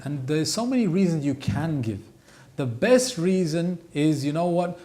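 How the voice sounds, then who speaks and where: A man giving a religious lesson with a fairly high voice. He explains verses in an animated way, switching into playful voices and reciting Arabic passages. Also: a little slow. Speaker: Quran teacher. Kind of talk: lecture on Quranic advice.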